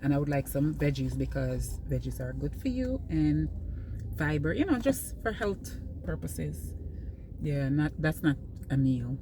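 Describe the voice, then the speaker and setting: A woman's voice: sits low, very animated, measured pace. A woman vlogger chatting casually while driving, rambling with lots of fillers. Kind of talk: casual chat to camera. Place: inside a moving car on the highway. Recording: mic far off, loud road noise. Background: car and road noise.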